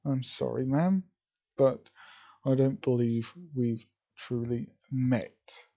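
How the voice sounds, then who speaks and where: Man reading: curt, guarded young soldier; dark, mellow voice. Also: mid-range voice, steady tone, slow. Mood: polite, guarded.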